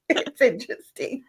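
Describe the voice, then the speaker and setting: A woman hosting a podcast interview over a video call, chatting casually and rambling, with lots of fillers and giggles. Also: high voice. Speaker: podcast host.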